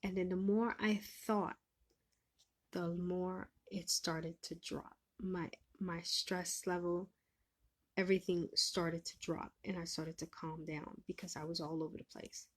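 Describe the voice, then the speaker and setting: A woman, a life coach talking casually to camera, swinging between loud venting and a hushed, breathy calm. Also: lowish voice, measured pace. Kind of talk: casual vlog monologue.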